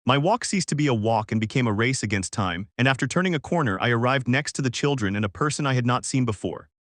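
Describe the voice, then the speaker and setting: A man reads a fan story aloud in an even, flat manner. His voice sits at a medium pitch, and the sound is dry and close. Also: fast talker, no echo. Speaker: narrator.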